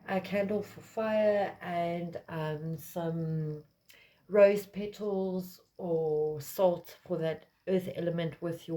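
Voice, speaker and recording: A woman's voice: lowish voice, dark tone. A woman giving a casual collective tarot reading, talking in a meandering way with lots of fillers. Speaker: tarot reader.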